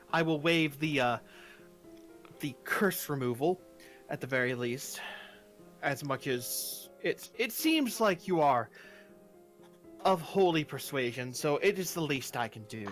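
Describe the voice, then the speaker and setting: A kindly temple priestess speaks with calm formality, as a game master puts her on in his own voice. Her words are measured and polite. Faint music sits behind the tabletop stream. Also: medium pitch, pitched below the performer's own voice. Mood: gracious.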